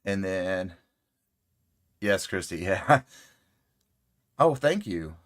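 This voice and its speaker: A man hosting a casual crochet livestream, rambling relaxed and friendly with many fillers and greeting viewers by name. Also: sits low, drawn-out words.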